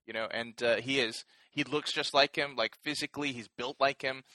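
Rambling, bright-voiced man chatting wrestling. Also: medium pitch, fairly even intonation, normal speed, no room sound, low-quality recording. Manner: rambling, swears casually, many fillers. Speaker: podcast co-host. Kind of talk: casual wrestling chat.

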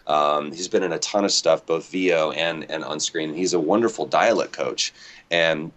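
A man's voice: very deep voice, normal speed, fairly bright tone. A man talking casually as an interview guest over an internet call, rambling and joking at his own expense, with aircraft noise faint behind him. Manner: rambling, jokey, self-deprecating. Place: home near an airport.

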